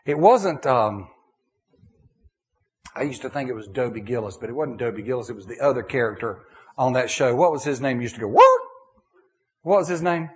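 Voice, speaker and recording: A middle-aged man preaching a sermon in a folksy, animated way, checking in with his listeners and answering their questions. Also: medium pitch, brisk. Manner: animated, folksy, many restarts and "okay?" checks.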